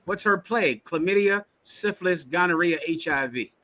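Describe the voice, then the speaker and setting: Man, scripture class teacher, blunt emphatic preaching, repetitive, high-pitched, bright forceful tone. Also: animated, moderate pace. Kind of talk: preaching Bible commentary.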